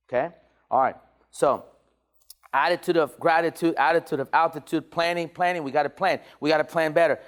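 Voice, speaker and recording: A man leading a motivational sales training, energetic and repetitive, calling on the room to answer back. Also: on the high side, a little fast. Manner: energetic, repeats phrases, call-and-response.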